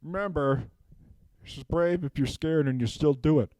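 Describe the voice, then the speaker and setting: A man's voice: on the high side, normal speed, a little mellow, dry recording. A man doing a rambling, improvised comic monologue who keeps asking "okay?", speaking into a handheld mic. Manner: rambling, drops "okay?" after nearly every phrase. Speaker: improv comedian. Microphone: handheld microphone.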